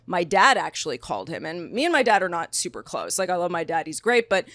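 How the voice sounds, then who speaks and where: A young woman chats as a podcast guest, telling her story with lively, animated delivery and acted-out quotes. Her voice sits at a middling pitch. The sound is dry and close, with little room. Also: fast talker, dry recording. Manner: animated storyteller, acts out quotes, many likes. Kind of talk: casual chat.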